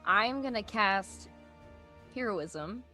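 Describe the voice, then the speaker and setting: Unhurried woman player thinking aloud. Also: medium pitch, lively intonation, sharp tone, faint music behind. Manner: halting, thinks aloud, swears casually. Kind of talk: casual tabletop game chat.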